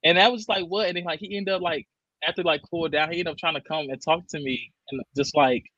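A man's voice: a little high, fairly even intonation, fast talker, bright, forceful tone, no room sound, dull audio. A man on a podcast panel, chatting casually and telling a story in a slangy way, with lots of "like". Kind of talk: casual chat.

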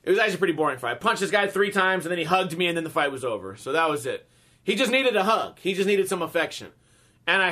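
A man in his thirties telling casual, profane stories as a podcast host, acting out the people he quotes. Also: sits high. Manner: profane, animated, acts out quoted voices. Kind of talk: casual storytelling chat.

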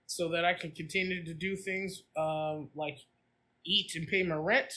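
A male podcast co-host with a bright, forward voice. He jokes around playfully in loose conversation. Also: a little high, fairly even intonation, a little slow. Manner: joking, playful. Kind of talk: casual podcast chat.

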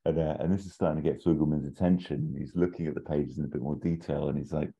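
A man with an extremely deep, dark voice tells a made-up film scene with relish. He keeps breaking into squeaky character bits, and the sound is dull and lo-fi. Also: fast talker, husky. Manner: animated, jumps into silly high voices for characters. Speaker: podcast co-host pitching an imagined sequel. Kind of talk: casual comedic storytelling.

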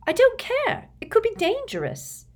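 Cast: bossy teen schoolgirl witch, high and sharp, scolding, read by a woman narrator. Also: sing-song, slow, full character voice. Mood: indignant.

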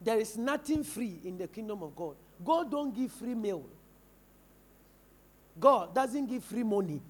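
A man's voice: sits high, expressive, unhurried, breathy edge. A man with a Ghanaian English accent preaching a sermon in church, firing rhetorical questions at the congregation. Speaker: pastor.

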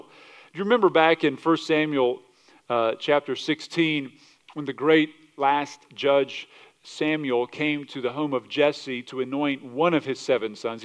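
A male pastor preaching a sermon, animated, asking rhetorical questions and often restarting his words. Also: mid-range voice. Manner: animated, rhetorical questions, acts out quoted voices; repeats words and restarts mid-sentence.

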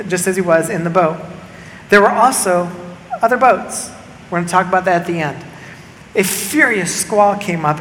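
Young male pastor, casual chatty sermon delivery, high bright voice, roomy hall reverb. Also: a little hiss or hum. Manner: casual, conversational preaching with many fillers.

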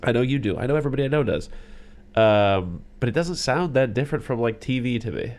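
A man's voice: mid-range voice, expressive, quick pace, a little mellow. A man co-hosting a podcast in casual chat, rambling with lots of fillers. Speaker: podcast co-host.

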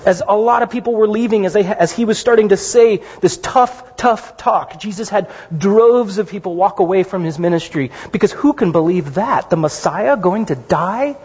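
A middle-aged man preaching a sermon as pastor, conversational and animated, with asides to the congregation. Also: high voice, normal speed, hardly any pauses, slightly rough. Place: church sanctuary. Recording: dull lo-fi sound in a reverberant hall.

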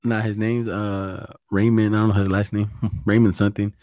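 A man's voice: fairly low pitch, little pitch movement, normal speed, darkish tone, muffled recording. A man, hosting a casual chat, swearing a lot and mixing in Spanish slang. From California. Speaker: podcast host.

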